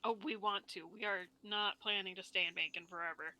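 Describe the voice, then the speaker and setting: A woman's voice: mid-range voice, fairly even intonation, a little fast, a crowd in the background, low-quality recording. A woman from Minnesota chatting casually as a player, laughing often and speaking with many fillers. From Minnesota, USA. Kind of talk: casual chat.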